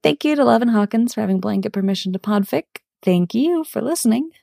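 A woman reading a fan story aloud in a gentle storytelling manner, smiling as she reads. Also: on the high side, lively intonation, fast, vocal fry, no room sound, clean studio sound. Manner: gentle, warm storytelling with a smile in the voice. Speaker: fan fiction reader. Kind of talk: audiobook-style story narration.

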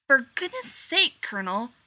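Woman doing huffy impatient male scientist, brisk, kinda high and bright. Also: big pitch swings, no echo, heavily acted. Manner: brisk, impatient, matter-of-fact.

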